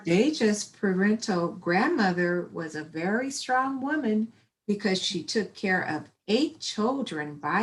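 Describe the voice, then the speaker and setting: A woman reading a children's picture book aloud in a slow, encouraging way. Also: medium pitch. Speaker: storybook reader. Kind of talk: children's story read-aloud.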